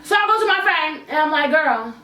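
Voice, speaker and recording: Speaking very high-pitched and quickly, a young adult YouTuber tells a personal story from her bedroom in an animated, slangy, conversational way, with a raised on-camera voice. The distant mic picks up an echoey room and slight background noise.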